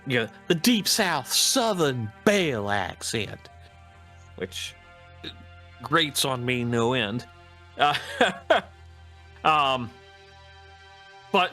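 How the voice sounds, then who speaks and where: A pushed, bright, medium-pitched male voice belongs to a podcast guest with a Midwestern accent. He chats casually but hesitantly, wandering off topic and restarting his sentences again and again.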